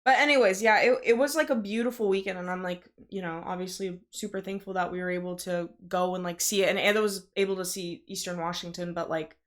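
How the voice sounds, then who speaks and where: A woman's voice: on the low side, steady tone, fast talker, few pauses. A young woman co-hosting a podcast, talking casually and filling her speech with "like". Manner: chatty, fills talk with "like". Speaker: podcast co-host. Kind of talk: casual chat.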